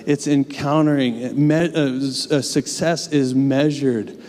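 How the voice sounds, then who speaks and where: A man's voice: mid-range voice, steady tone, measured pace, a little mellow. A young adult man preaching a sermon in a church, earnest and conversational, with casual asides. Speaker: pastor. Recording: long church reverb.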